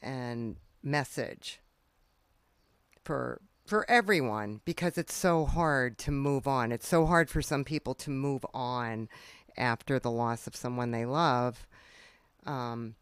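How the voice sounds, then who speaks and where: Host, unhurried delivery, smooth voice, dry close mic. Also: medium pitch, fairly bright tone, no echo. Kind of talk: interview questions.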